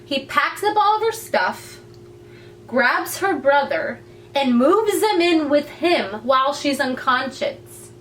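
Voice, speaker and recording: Woman podcast co-host, higher voice, lively recapper, slightly distant mic with light background hiss. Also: slow. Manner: animated storyteller, acts out characters' lines. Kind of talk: casual chat, retelling a book plot.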